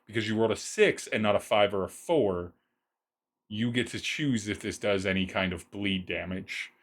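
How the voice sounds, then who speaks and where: Low-voiced man narrating as game master. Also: fairly bright tone. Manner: descriptive, halting, with many restarts.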